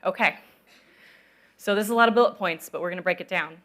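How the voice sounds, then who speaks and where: Woman, conference speaker, bright, conversational, keeps asking "right?". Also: on the low side, fast talker. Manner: conversational, checks in with "right?" often. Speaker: conference speaker on narrative design. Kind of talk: conference talk with audience questions.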